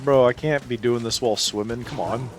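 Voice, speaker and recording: A man's voice: mid-range voice, steady tone, brisk, soft background music. A man giving sarcastic, joking commentary while he streams a game, swearing freely. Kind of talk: casual gameplay commentary.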